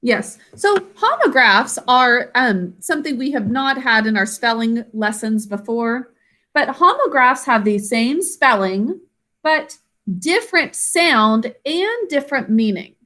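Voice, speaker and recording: A woman teaching her class over a video call, patient and encouraging as she walks through each word step by step. Her voice is bright and somewhat high, with a forceful edge. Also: animated, unhurried. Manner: explains step by step. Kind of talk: classroom instruction.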